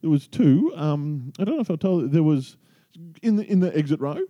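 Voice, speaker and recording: A man's voice: on the high side, expressive, a little fast, mellow, dry recording, lo-fi sound. A man co-hosting a podcast, chatting casually and joking, laughing at his own stories. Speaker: podcast co-host. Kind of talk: casual chat.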